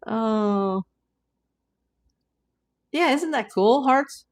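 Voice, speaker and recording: A woman's voice: medium pitch, animated, unhurried. Chatty woman hosting a livestream. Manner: chatty, reads viewer comments aloud and greets them by name. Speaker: livestream host. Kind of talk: casual livestream chat with viewers.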